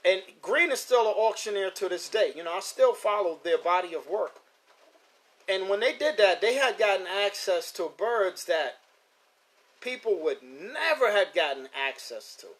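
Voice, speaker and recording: A middle-aged man with a high voice chats loosely on a live stream. He rambles, repeats his words and talks straight to his viewers. The sound comes off a phone or computer mic. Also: expressive, moderate pace, fairly bright tone. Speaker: host of a pigeon racing show. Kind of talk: casual live-stream chat.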